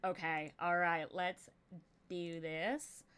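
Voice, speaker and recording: A woman's voice: fairly low pitch, flat delivery, slow pace, fairly bright tone, smooth. A young adult woman hosting a live stream and running a game, talking casually and rambling with many fillers. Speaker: stream host and game master.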